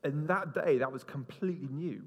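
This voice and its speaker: A man with a creaky, somewhat high voice preaches at normal speed. His interactive sermon is lively and jokey, with him directing volunteers across the stage. Long reverb fills the large hall.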